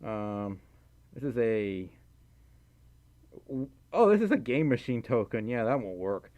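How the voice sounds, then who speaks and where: A man's voice: lowish voice, expressive, takes it slowly, warm tone. A man casually reading and answering viewer chat on a livestream, giggling and rambling with lots of fillers. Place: indoors at home, in a fursuit.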